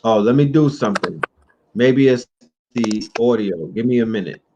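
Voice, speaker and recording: A man hosting a livestream talk show, speaking in a slow, drawn-out and emphatic way. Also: medium pitch, expressive, mellow. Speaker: host. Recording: dull muffled audio with faint noise.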